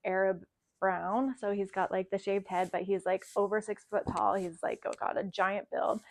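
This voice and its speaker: A young adult woman telling a travel story casually, animated and swearing, with many fillers. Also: mid-range voice.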